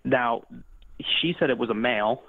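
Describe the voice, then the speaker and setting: A man's voice: mid-range voice, moderate pace, no room sound. Rambling man on a tinny line. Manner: rambling, many restarts and fillers. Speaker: paranormal investigator guest. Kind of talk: casual interview talk.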